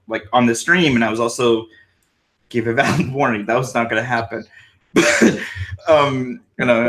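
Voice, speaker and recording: Drunk male panelist who swears constantly and rambles with a very lively pitch. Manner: rambling, swearing, animated hand gestures. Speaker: guest panelist. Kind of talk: casual livestream panel talk. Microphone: computer mic on a video stream.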